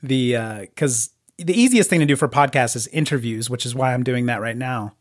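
A medium-pitched man hosts a casual podcast interview, chatty and quick to laugh.

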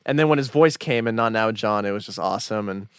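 A man's voice: on the low side, fast talker, clear, resonant tone, no room sound, clean studio sound. A man guesting on a casual music podcast, talking enthusiastically and rambling, often repeating himself. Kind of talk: casual chat.

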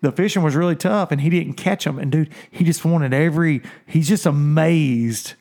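Animated, laughing male fishing-show host. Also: a little high, normal speed. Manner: animated storyteller, laughs often, quotes others in voices. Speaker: podcast host. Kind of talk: casual storytelling chat.

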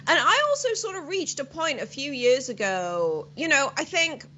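Bright-voiced young British woman. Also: high-pitched, dull audio. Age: 20s. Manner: chatty and animated, quick asides. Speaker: guest commentator. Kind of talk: casual chat.

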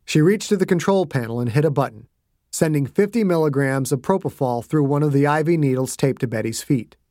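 A man's voice: fairly high pitch, fairly quick, dark tone, no echo, studio quality. A man narrating his own fiction as a scripted audiobook with dramatic delivery. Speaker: author and narrator.

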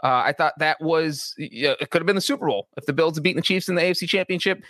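A man's voice: a little high, fast, a bit bright, dry recording. Chatty man, dry close sound. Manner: chatty, analytical, with fillers. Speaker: football writer and podcast regular. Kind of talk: casual podcast sports talk.

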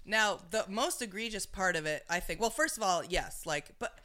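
A woman's voice: mid-range voice, lively intonation, moderate pace, bright, forceful tone. A woman co-hosting a podcast, chatting casually about politics in a rambling, profane way with lots of restarts. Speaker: podcast co-host.

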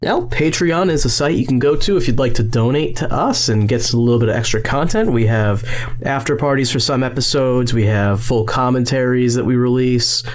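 A man's voice: mid-range voice, fairly quick. A man co-hosting a podcast in casual chat, laid-back and a little hesitant. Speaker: podcast co-host.

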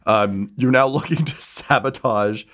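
A man's voice: mid-range voice, measured pace, a bit bright, slight background noise. A man running a tabletop game as game master, narrating with many hesitations and fillers.

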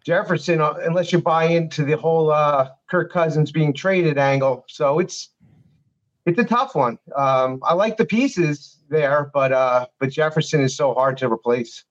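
A man with a thick North Jersey, Newark accent, a guest on a casual podcast, hesitant and thinking aloud with many pauses. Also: on the high side, lo-fi sound. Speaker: guest panelist.

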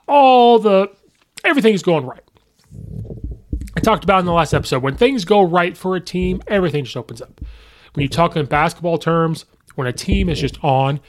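A man hosting a podcast, recapping a football game in a rambling, excitable way and acting out fans' reactions. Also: high-pitched. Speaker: podcast host. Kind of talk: casual sports recap.

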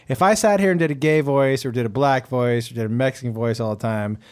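A man's voice: mid-range voice, fast, clear, resonant tone. A man co-hosting a casual comedy podcast, joking around, laughing often and stammering for effect. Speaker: podcast co-host.

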